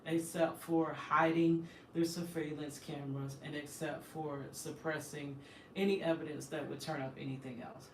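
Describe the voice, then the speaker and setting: A woman host telling her own story in an emphatic, impassioned, indignant way. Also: deep voice. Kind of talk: emotional personal storytelling. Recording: echoey room, distant from the mic, faint background noise.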